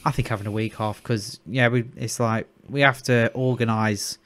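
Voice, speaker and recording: A man's voice: medium pitch, steady tone, normal speed, a bit bright. A young man, co-hosting a casual chat podcast and rambling with many restarts. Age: young adult. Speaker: podcast co-host.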